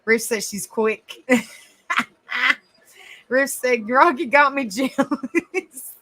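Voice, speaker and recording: Southern woman, live-stream host; leisurely pace, slightly high, cheerful and chatty. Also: very slow, a bit bright, rough recording. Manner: chatty, giggly, greets viewers by name. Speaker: livestream host. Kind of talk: casual live-stream chat.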